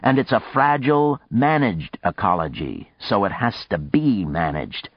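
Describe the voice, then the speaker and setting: A man's voice: lowish voice, big pitch swings, measured pace, husky, no room sound, voice pushed up, exaggerated voice. A man reading a blunt, lecturing male politician in a dry, dull lo-fi audiobook recording. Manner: forceful, lecturing.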